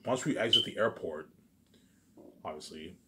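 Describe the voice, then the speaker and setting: A man's voice: deep voice, lively intonation, normal speed, pushed and bright, slight background noise. A man rambling through a daydream monologue, stumbling over restarts and saying "obviously" and "you know what I'm saying" over and over. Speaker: vlogger.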